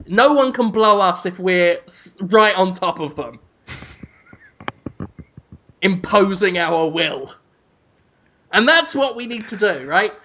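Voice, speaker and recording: A man co-hosting a podcast, chatting casually with deadpan, absurd jokes. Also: high voice, slow, long pauses. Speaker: podcast co-host. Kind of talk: casual comedic chat.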